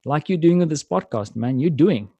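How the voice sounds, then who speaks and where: A friendly storyteller with a mellow, warm tone, a man from South Africa who is a guest on a podcast. He talks in easy, casual chat. The sound is close and dry. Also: a little high, animated, moderate pace, vocal fry, no room sound, lo-fi sound.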